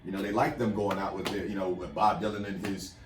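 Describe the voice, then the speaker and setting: A man's voice: deep voice, level tone, fast talker, noisy background. A man co-hosting a casual group chat show, joking and teasing the others. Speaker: podcast co-host. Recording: roomy sound from far off the mic.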